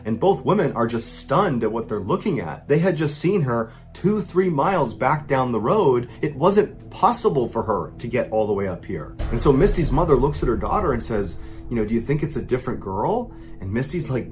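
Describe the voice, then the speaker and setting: A man narrating a true scary story, dropping to a hush for tense moments and rising high for panicked quotes. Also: sing-song, fairly quick, faint music behind.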